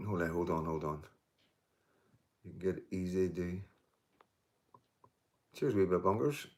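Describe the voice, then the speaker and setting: A man's voice: deep voice, unhurried, darkish tone. Emphatic middle-aged man on a live stream. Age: 50s. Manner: emphatic, repeats himself, many restarts and "you know"; swears and jokes with commenters. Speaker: livestream host reading viewer comments. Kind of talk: casual live-stream chat.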